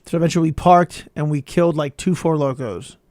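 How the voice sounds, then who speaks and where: A young man tells stories in easygoing casual chat, cursing and saying "dude." His voice sits fairly high. The recording is dry and close. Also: a little fast, a little mellow, no echo. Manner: casual storyteller, curses freely, says "dude". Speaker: podcast co-host.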